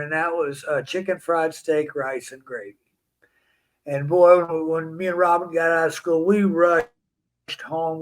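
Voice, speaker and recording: A man telling an animated story in an interview, acting out the voices of the people in it. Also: on the high side, rough recording. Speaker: interview guest.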